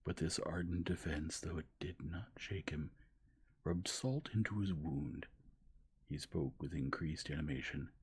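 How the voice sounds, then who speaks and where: Male narrator, whispered role-play; deep, airy, gentle delivery. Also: breathy edge. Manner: soft, slow, gentle. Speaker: narrator reading a novel aloud.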